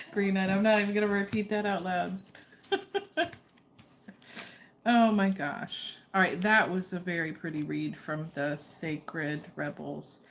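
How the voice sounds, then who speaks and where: A woman's voice: on the low side, steady tone, slow pace, long pauses, fairly bright tone, a little hiss or hum. Chatty woman doing a tarot reading. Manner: chatty, distracted, coaxing her dog. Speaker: tarot reader. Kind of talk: casual spoken tarot reading.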